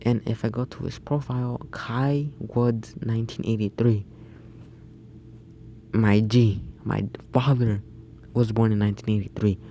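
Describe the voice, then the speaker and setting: A man's voice: fairly low pitch, fairly even intonation, measured pace, dark tone, lo-fi sound, slight background noise. A young man telling a story over gameplay in a casual, rambling way, often restarting his sentences. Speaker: gaming YouTuber.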